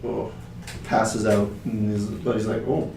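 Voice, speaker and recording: A man's voice: mid-range voice, steady tone, normal speed, darkish tone. Man rambling as game master. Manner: loose, rambling narration with many restarts. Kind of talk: narrating a tabletop game. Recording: roomy, distant mic, faint noise.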